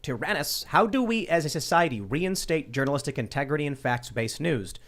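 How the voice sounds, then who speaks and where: A man's voice: on the high side, animated, fairly quick, a bit bright. A man hosting a casual talk show, reading viewer comments aloud with hesitant fillers. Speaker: show host.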